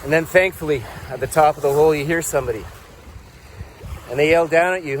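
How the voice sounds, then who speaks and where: A man telling a story in a low-key, soft-spoken way while out on a walk by a lake. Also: quick pace, pauses often, slight background noise, low-quality recording. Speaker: peer support vlogger. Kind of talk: storytelling to camera. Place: outdoors by a lake.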